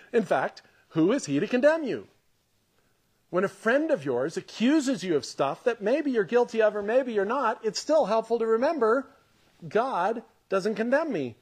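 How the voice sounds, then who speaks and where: A man's voice: sits high, big pitch swings, unhurried, husky. A man preaching a podcast sermon in a conversational, emphatic way, repeating his points and laughing often. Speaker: pastor.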